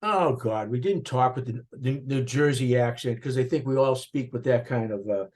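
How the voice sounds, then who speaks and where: An older man speaks in a thick Boston accent, animated and expressive as he reminisces in an interview. His mid-pitched voice wanders through restarts and asides. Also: moderate pace. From Boston area, USA. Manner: animated, talks with his hands, rambling restarts. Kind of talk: reflective interview recollection.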